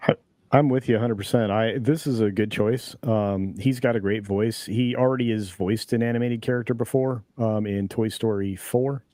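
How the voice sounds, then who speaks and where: A man joining a casual podcast as a guest, talking in a relaxed way with some hesitant fillers. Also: lowish voice, moderate pace, no echo. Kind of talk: casual chat.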